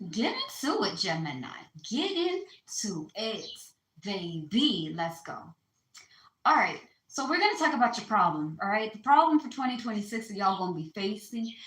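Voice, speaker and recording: A tarot card reader with a fairly high voice gives a casual astrology card reading, chatty and full of slang, calling her listeners "baby." The recording is rough and echoey.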